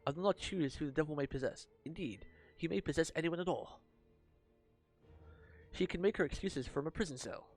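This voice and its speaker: A man's voice: fairly high pitch, steady tone, normal speed, soft background music, lightly acted. A man voicing a relentless male judge who barks orders and threatens. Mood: menacing. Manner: commanding, forceful. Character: stern, relentless male witch-hunting judge.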